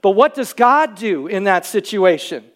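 A man preaching a conversational sermon from a church stage, now and then shouting for emphasis. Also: high-pitched, big pitch swings, moderate pace. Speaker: pastor.

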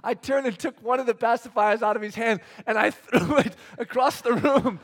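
A man in his thirties delivers a sermon with a high voice, mixing personal stories with scripture. He acts out the scenes he describes and jokes at his own expense. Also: moderate pace. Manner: animated storyteller, acts out scenes, self-deprecating humor. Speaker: pastor. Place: church hall with congregation.

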